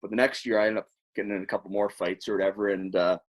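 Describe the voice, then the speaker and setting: A former hockey player fires off long, wandering stories on a podcast in a lowish, rapid-fire voice. He's a lively storyteller, casual and profane throughout.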